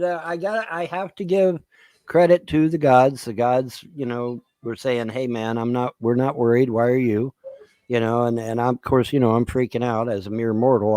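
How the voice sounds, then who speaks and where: A man hosting a live stream, telling a long profane story and then shouting angry threats at a caller. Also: medium pitch, no room sound. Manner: profane, rambling, retells others' words. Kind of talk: heated live stream chat.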